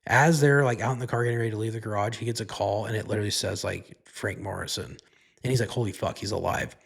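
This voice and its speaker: Gravelly-voiced man rambling through a movie plot. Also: fairly low pitch, steady tone, fast. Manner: rambling, loose and profane, lots of "like". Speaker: podcast host. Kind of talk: casual movie recap.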